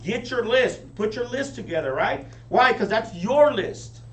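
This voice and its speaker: A man giving a high-energy motivational training talk to a live audience, often checking in with them. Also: unhurried. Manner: energetic, keeps asking the crowd "right?". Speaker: business team leader training recruits. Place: meeting room with an audience. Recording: echoey room, distant mic, faint hum.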